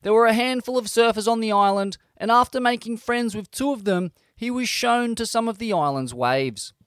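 A man reading scripted narration in a measured storytelling delivery on a close studio mic. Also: extremely high pitch, fairly bright tone, smooth, no room sound. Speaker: podcast narrator.

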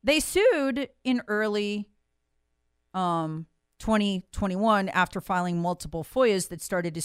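A woman's voice: mid-range voice, smooth, dry recording, clean studio sound. A woman, hosting and delivering an angry, emphatic monologue full of rhetorical questions. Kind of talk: impassioned monologue.

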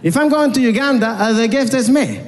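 A man's voice: very high-pitched, lively intonation, fairly quick. A man from Venezuela with a Venezuelan Spanish accent, doing a punchy stand-up set to a live crowd. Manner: punchy, repetitive joke delivery to a crowd. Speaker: stand-up comedian. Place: comedy club stage. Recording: reverberant hall with audience noise. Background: live audience.

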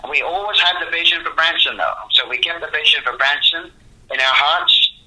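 A man's voice: a little high, lively intonation, fairly quick, vocal fry, bright, forceful tone, slightly rough, low-quality recording. An older man, the founder of a religious museum ministry, answering interview questions in an earnest, devout and rambling way.

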